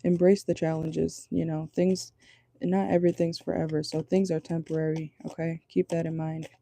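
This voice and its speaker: A man's voice: a little high, little pitch movement, normal speed, gravelly, mellow, no room sound. A man giving a casual tarot reading from a parked car, chatty and reassuring, tagging lines with "okay?". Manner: loose, chatty, reassuring, many fillers like "okay?". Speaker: tarot reader.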